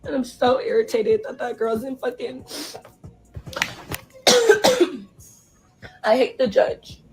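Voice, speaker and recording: A young woman performer, crying and hoarse, ranting profanely and in distress straight at her livestream viewers. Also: a little high, very animated, slow, loud music behind the voice, rough recording. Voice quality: husky. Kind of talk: emotional livestream rant.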